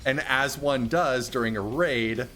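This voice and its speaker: A man's voice: mid-range voice, a little slow, sharp tone, faint music behind. A man co-hosting a casual comedy news chat, reading headlines aloud and laughing often. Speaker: podcast co-host reading news stories.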